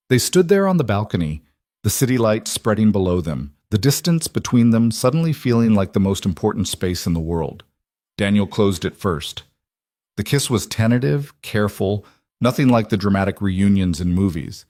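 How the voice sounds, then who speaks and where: A man narrates a scripted romance story in a low, measured voice. The sound is dry and close to the mic, and he reads it steadily. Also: animated, a little mellow, no room sound.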